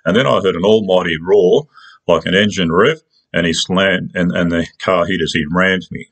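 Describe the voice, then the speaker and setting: A man's voice: low voice, steady tone, moderate pace. A man with an Australian accent, telling a personal story in a casual, rambling, colloquial way. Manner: rambling, colloquial, with many restarts.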